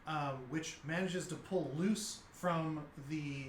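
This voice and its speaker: A man's voice: a little high, steady tone, echoey room, slight background noise. Hesitant man running a tabletop game. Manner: hesitant, halting, many fillers. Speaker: game master.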